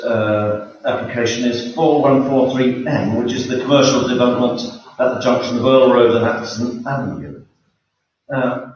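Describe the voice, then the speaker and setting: A man speaks formally at a town council meeting, choosing his words slowly with many pauses. He is picked up from a distance, with heavy room echo and a muffled, dull sound. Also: medium pitch. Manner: measured, hesitant with frequent fillers. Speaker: member of the public at a council meeting. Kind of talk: formal public comment. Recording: echoey, dull room recording from far off.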